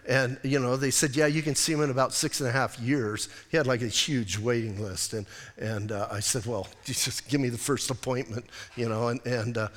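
A man's voice: on the high side, fairly bright tone, in a large hall. A middle-aged man preaching a sermon as pastor, telling stories in a conversational way with self-deprecating humor.

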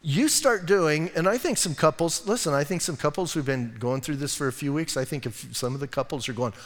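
A male pastor preaching a sermon, emphatic, often calling "listen" to the congregation and swinging between loud bursts and soft low asides. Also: brisk, long reverb tail.

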